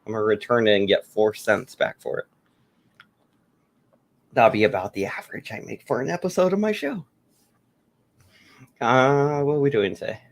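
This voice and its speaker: A man's voice: mid-range voice, normal speed, gravelly, long pauses. Joking male livestream host. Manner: jokey, sings snatches of songs. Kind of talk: casual livestream chat.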